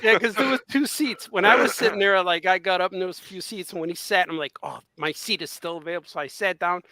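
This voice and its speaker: Bright, high-voiced man telling stories. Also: fast, dry recording. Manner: animated anecdote-telling, acts out quotes. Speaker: podcast co-host. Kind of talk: casual storytelling chat.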